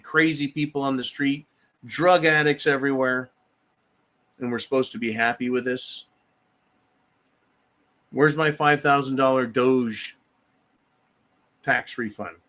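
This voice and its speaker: This American man runs a political livestream, reading viewer comments and ranting furiously and bluntly, swearing a lot. His mid-range voice is bright and forceful.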